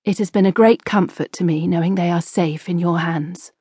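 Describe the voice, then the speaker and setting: A woman's voice: on the low side, steady tone, normal speed, mellow, slightly rough, no echo, clean studio sound. A woman reading an audiobook, voicing a proud, strong-willed middle-aged queen who speaks firmly and defiantly. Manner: firm, defiant, clipped.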